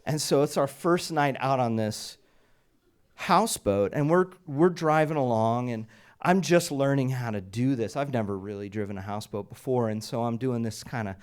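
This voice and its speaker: A man's voice: medium pitch, moderate pace, clear, resonant tone. A man telling a personal story at a live storytelling night, conversational and wry, with a humorous edge. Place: small live event stage.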